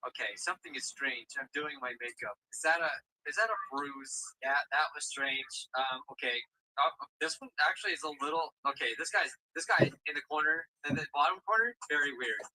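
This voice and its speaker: A man streaming live, giving casual, animated commentary on a puzzle game with quick reactions. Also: on the high side, slight background noise, poor audio. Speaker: livestreamer. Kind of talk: gaming livestream commentary.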